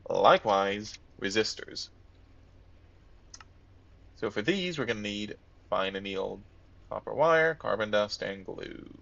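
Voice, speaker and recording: A man's voice: on the low side, lively intonation, takes it slowly, creaky, long pauses, a bit bright, muffled recording. A man casually commenting on his gameplay, thinking aloud and muttering to himself as he plays. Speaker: let's-play gamer.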